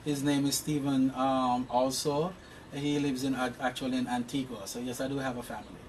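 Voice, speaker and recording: A man's voice: mid-range voice, fairly even intonation, moderate pace, far from the mic, background noise. A man from Jamaica with a Jamaican accent, giving long, earnest interview answers about his insurance work and often restarting his words. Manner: explains at length. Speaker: interview guest, insurance professional.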